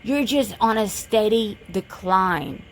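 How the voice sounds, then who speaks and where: A woman's voice: medium pitch, slow, slight background noise. A woman vlogger delivering a blunt, profane, confrontational rant, lecturing and repeating her points for emphasis. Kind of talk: direct-to-camera rant.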